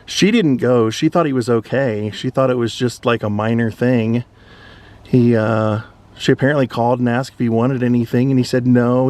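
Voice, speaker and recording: A man's voice: medium pitch, a little mellow. A man hosting a vlog, casually recounting events in a conversational way. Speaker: vlog host. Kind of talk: casual narration.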